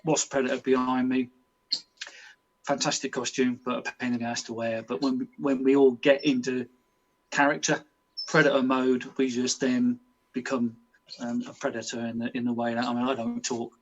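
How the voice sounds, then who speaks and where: A man's voice: mid-range voice, flat delivery, normal speed, muffled recording. A man in his late fifties, a guest chatting casually over a video call from his home office, easygoing and rambling. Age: 50s. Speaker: guest cosplayer. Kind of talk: casual livestream chat.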